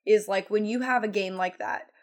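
A woman's voice: mid-range voice, steady tone, normal speed. A woman co-hosting a casual sports talk show, giving careful, tactful opinions. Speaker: co-host.

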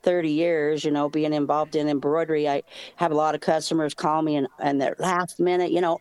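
A middle-aged woman calling in to a show, chatting slowly and devoutly in a drawn-out way. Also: deep voice, flat delivery, darkish tone, clear, resonant tone, no room sound. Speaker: caller. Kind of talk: casual phone-in chat.

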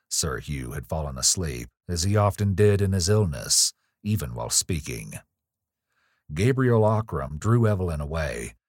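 A man narrating a gothic ghost story in a measured, grave reading. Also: deep voice, husky, no room sound, clean studio sound.

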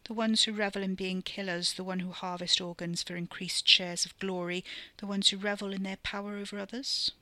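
Woman doing an old otherworldly male enchanter for an audio story: measured, cryptic, bright dry read. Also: mid-range voice, little pitch movement, no room sound, natural voice. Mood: probing. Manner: measured, riddling, unhurried.

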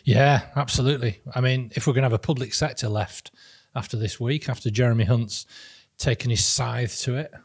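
A middle-aged man, from the north west of England, hosts a podcast in a relaxed, conversational way. His voice sits at an ordinary middle pitch, and he often laughs while recounting old stories. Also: brisk, husky. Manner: chatty, laughs while telling anecdotes. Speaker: podcast co-host. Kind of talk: casual political chat.

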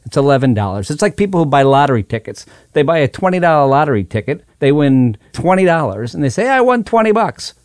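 A man hosting a radio food show, chatty and joking as he pitches deals. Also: lively intonation, fast talker, few pauses, darkish tone, dry recording, clean studio sound.

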